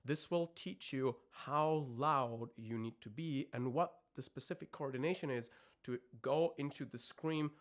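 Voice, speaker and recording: A man coaching singers on a live stream. He talks haltingly, searches for words, and breaks off to demonstrate screams and vocal sounds. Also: mid-range voice.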